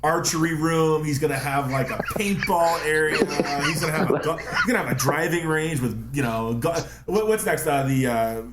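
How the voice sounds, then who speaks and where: A man co-hosting a podcast, joking around in quick casual banter. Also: fairly high pitch, a loud crowd. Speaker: podcast co-host.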